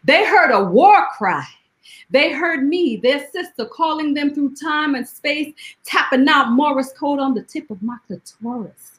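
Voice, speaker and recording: A woman from Jamaica, a poet guest who talks in lively rhetorical questions and recites her poems slowly and deliberately. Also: sits high, low-quality recording. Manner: rhetorical questions, animated storytelling; slow, deliberate poetry recitation. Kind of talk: conversational interview and poetry reading.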